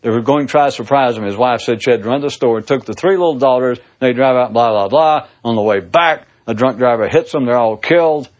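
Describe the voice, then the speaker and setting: A man's voice: mid-range voice, brisk, few pauses. A man in a casual philosophical monologue, theatrical and sarcastic, heard on a dull lo-fi recording. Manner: sarcastic, theatrical, swooping emphasis. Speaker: speaker giving a monologue.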